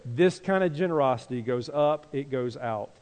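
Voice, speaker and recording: In a church sanctuary, a male pastor delivers a conversational sermon, posing questions to the congregation and leading call-and-response. His mid-range voice is animated and slightly dark in tone, at a moderate pace. The long reverb of a large church hall fills the recording.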